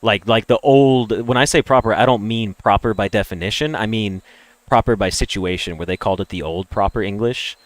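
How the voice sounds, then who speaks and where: A young American man chatting with viewers on a game stream, ranting and opinionated, jumping from loud emphatic bursts to low mutters. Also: brisk, dry recording. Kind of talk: casual chat with stream viewers.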